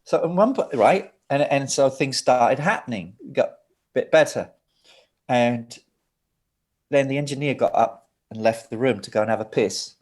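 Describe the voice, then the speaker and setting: A middle-aged man, a record producer telling laughing, lively anecdotes as an interview guest. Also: mid-range voice, moderate pace. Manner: lively, laughing, with restarts and asides.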